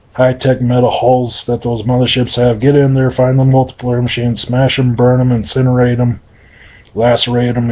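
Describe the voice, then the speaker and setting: A man's voice: medium pitch, natural voice. A man voicing a crude male demon advisor who hands out orders bluntly and swears freely, in a dull lo-fi recording. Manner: blunt, profane, dismissive.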